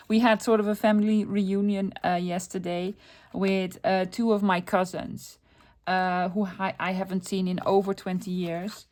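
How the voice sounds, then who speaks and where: A woman's voice: mid-range voice, little pitch movement, moderate pace, darkish tone. Chatty woman talking to herself while crafting. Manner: chatty, talks to herself while working, laughs often. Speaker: crafting video host. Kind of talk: casual crafting tutorial chat.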